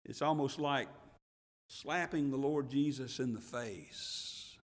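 A man preaching a sermon as pastor, swinging between loud emphatic passages and hushed, slow ones, and reading scripture in King James wording. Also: mid-range voice, long reverb tail. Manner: reads scripture aloud in King James wording with rising intensity.

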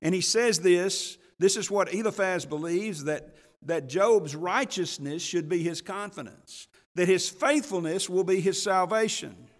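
A man's voice: high-pitched, a little slow, few pauses, big-room sound. A man, preaching a sermon as pastor in a folksy manner, laughing often and stumbling over repeated words.

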